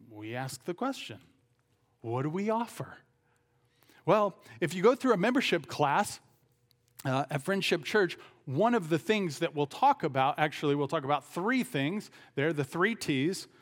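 A male pastor preaching a sermon, reading scripture and acting out the voices in it. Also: on the high side.

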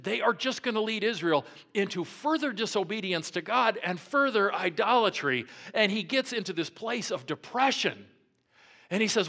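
A man pastor preaching a sermon, telling a Bible story with dramatic swings from loud taunting lines to hushed, near-whispered ones. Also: a little high.

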